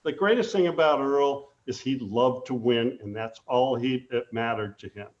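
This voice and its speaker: An older man, a former ballplayer, telling animated stories in a casual interview, acting out the voices he quotes. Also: medium pitch, normal speed, reverberant, lo-fi sound. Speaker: guest, former baseball player.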